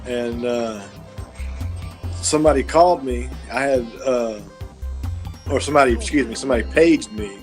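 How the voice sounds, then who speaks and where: A man co-hosting a podcast, telling a story in a relaxed, rambling way with restarts. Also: medium pitch, normal speed, long pauses, faint music behind. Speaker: podcast co-host. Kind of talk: casual storytelling chat.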